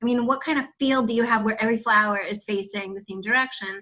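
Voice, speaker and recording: A woman's voice: on the high side, quick pace, sharp tone, low-quality recording. A woman in her forties, a guest on a video-call interview, telling her story candidly with casual swearing and laughter. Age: 40s. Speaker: guest, founder of a wellness center.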